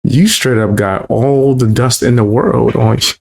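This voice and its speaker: A man's voice: mid-range voice, unhurried, gravelly. A man streaming his reactions to a clip, talking bluntly and mockingly with lots of swearing. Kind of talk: casual reaction commentary.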